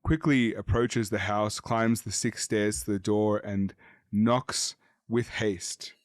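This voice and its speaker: A man's voice: lowish voice, fairly even intonation, slow. A man running a tabletop horror game as game master, narrating casually with many fillers.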